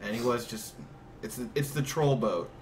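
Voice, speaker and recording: A man's voice: mid-range voice, moderate pace, a little hiss or hum. A man hosting a casual dual commentary over a shooter match, laid-back and chuckling with his friend. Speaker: channel host, gameplay commentator.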